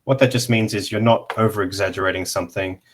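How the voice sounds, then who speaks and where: Sharing his screen, a male language teacher walks through a relaxed online pronunciation lesson. His voice is lowish and steady, and his slow explanations are full of pauses and fillers.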